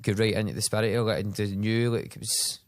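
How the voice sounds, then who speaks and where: A young Scottish man talks quickly and loosely, piling up fillers and acting out the people in his stories. He sounds close and dry, like a podcast chat at a table. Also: lowish voice, steady tone, dry recording. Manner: rambling storyteller, acts out voices in anecdotes. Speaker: personal trainer and podcast host. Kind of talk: casual chat.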